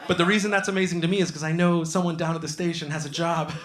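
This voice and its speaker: A man doing stand-up storytelling on a comedy club stage into a handheld mic, animated and acting out other people's voices. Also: a little high, racing, echoey room, noisy background.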